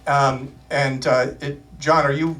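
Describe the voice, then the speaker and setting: A man's voice: mid-range voice, flat delivery, slow pace, fairly bright tone. A man telling rambling anecdotes from a small club stage, hesitant and full of ums and restarts. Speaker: performer telling stories on stage.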